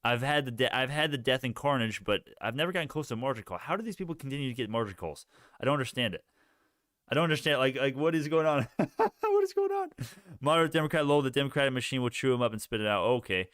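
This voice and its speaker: A man's voice: medium pitch, lively intonation, rapid-fire, fairly bright tone, dry recording, clean studio sound. A young man hosting a casual stock live stream, rambling, reading the chat and restarting sentences.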